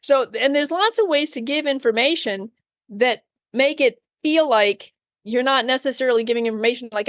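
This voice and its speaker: High-voiced woman podcast co-host. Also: moderate pace, fairly bright tone, no echo, clean studio sound. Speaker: dog trainer, podcast co-host. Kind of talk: casual podcast chat.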